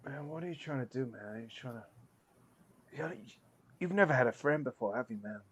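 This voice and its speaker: A man's voice: mid-range voice, expressive, brisk, fairly bright tone. A man playing a tabletop game, talking in a laid-back drawl and ending lines with "man". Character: chilled-out capybara in a dressing gown, says "man" a lot. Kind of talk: casual play at a role-playing table.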